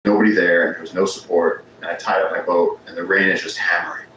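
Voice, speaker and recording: A man's voice: low voice, little pitch movement, quick pace, bright, forceful tone. A man, a podcast guest, telling rambling stories in casual conversation, often restarting his sentences. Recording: very echoey room with faint ambience noise.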